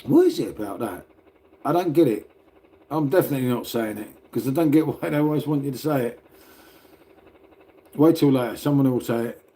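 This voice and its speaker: A man's voice: mid-range voice, lively intonation, fairly quick, pauses often, dark tone. A middle-aged man chatting casually on a livestream, rambling, laughing and swearing as he talks to viewers from home. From Britain. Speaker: livestreamer reading chat. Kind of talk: casual live chat. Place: indoors at home next to a radiator.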